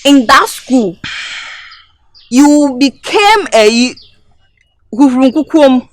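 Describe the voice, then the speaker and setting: A woman's voice: sits high, expressive, drawn-out words. A woman with a Ghanaian English accent acting a comedy skit as a canteen cook, scolding and demanding in broken English.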